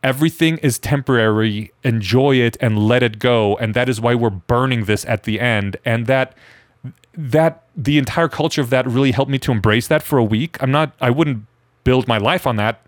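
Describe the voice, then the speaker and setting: A man chatting on a podcast with eager enthusiasm. His voice sits at a middle pitch. The sound is dry, with no room echo. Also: moderate pace. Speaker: podcast co-host. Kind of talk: casual podcast conversation.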